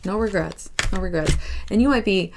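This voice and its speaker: A woman's voice: mid-range voice, normal speed, background noise. A woman giving a casual, candid tarot reading, chatty and swearing freely. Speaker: tarot reader.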